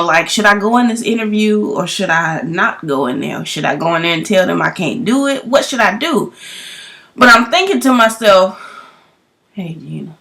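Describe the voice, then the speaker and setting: A young woman, telling a story in a loud, profane vlog rant full of emphatic rhetorical questions. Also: medium pitch. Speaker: vlogger.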